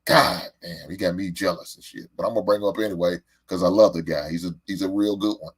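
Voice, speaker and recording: A man's voice: low-pitched, fairly even intonation, quick pace, breathy edge. A man hosting a casual talk show, telling stories in a loose, profane, emphatic way. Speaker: show host.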